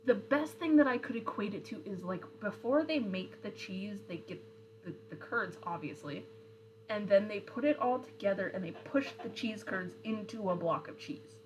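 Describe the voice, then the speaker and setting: A woman's voice: medium pitch, expressive, moderate pace, a little hiss or hum, rough recording. A young woman streamer in casual chat, rambling with lots of fillers and answering viewer comments. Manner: rambling, chatty, with frequent fillers and self-corrections.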